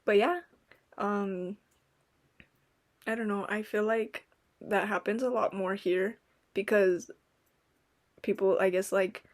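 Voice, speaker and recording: Young woman, casual podcast chat, rambling, filler-heavy, plays out quotes, mid pitch. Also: steady tone, slow, long pauses. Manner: rambling storytelling, lots of "like" and "um", acts out quotes. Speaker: podcast co-host.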